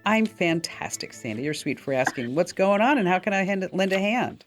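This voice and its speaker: A woman's voice: fairly low pitch, expressive, normal speed, faint music behind. A woman hosting a tech call-in radio show, talking in a chatty, upbeat way with plenty of fillers. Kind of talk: casual call-in radio talk.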